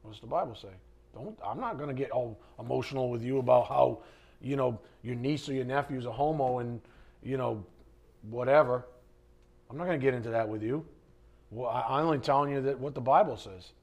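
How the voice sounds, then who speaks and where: A man's voice: mid-range voice, a little fast, darkish tone. A man teaching the Bible in a conversational way, blunt and fond of rhetorical questions.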